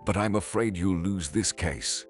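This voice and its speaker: A man's voice: deep voice, measured pace. A man voicing a cold, controlling rich husband who talks down curtly. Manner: curt, dismissive. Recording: faint music behind.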